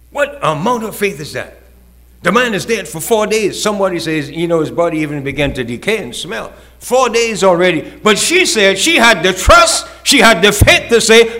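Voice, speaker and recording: A man's voice: on the high side, animated, normal speed, pushed and bright. A male pastor preaching a sermon, with rising, emphatic calls and acted-out quotes.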